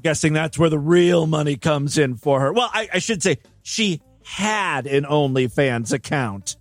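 A man with a fairly high voice talks over a clip in a sarcastic, disbelieving tone. The recording is dry and close, with soft music underneath. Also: unhurried, no echo. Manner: incredulous, sarcastic. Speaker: commentary host. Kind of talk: reaction commentary.

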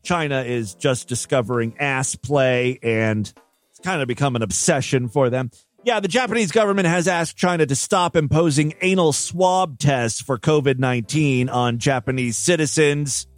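A man's voice: medium pitch, normal speed, no echo, faint music behind. A man hosting a comedy podcast, reading odd news stories aloud and breaking in with wisecracking, mock-outraged asides. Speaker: podcast host. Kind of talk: comic news commentary.

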